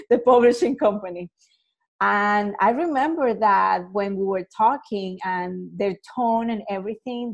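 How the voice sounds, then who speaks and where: A woman educator talks casually to the camera in a chatty, loose way. Her voice sits at a middling pitch, with lots of fillers and laughs breaking up her explanations.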